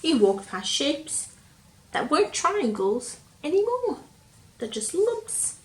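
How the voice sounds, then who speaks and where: Slow, lively woman reading aloud. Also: high voice. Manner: slow, gentle, questioning the child. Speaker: storyteller reading to a child. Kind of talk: picture-book read-aloud. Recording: roomy echo, faint hum.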